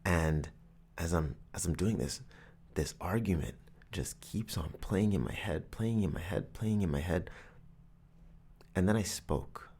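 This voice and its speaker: A man's voice: low voice, a little slow, pauses often, darkish tone, husky. A man hosting a podcast, telling a personal story in an earnest, reflective motivational monologue. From Canada. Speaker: podcast host.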